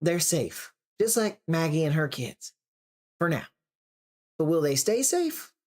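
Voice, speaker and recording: A reader voicing a calm, motherly older woman who speaks gently and coaxingly. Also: medium pitch, measured pace, voice pushed up. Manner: gentle, coaxing, calls people darling.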